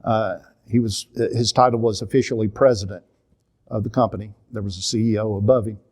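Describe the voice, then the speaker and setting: A man's voice: lowish voice, fairly even intonation, fairly quick, darkish tone. Older Southern man telling earnest stories. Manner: earnest storytelling, confessional. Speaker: minister and counselor teaching a seminar. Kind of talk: church seminar talk with personal stories.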